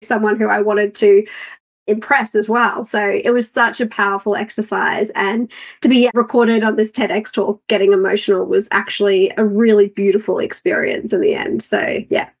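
Female podcast host, mid pitch, chatty and candid, muffled lo-fi audio. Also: fairly even intonation, moderate pace, vocal fry, husky. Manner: chatty, self-correcting, personal stories. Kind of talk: casual chat. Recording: slightly dull, lo-fi sound.

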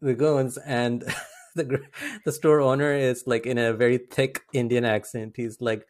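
A man co-hosting a film podcast in loose, casual talk. He restarts his sentences often and fills pauses with ums and uhs. His pitch sits in a mid range. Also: flat delivery, a little mellow. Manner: halting, many fillers and restarts. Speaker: podcast co-host.

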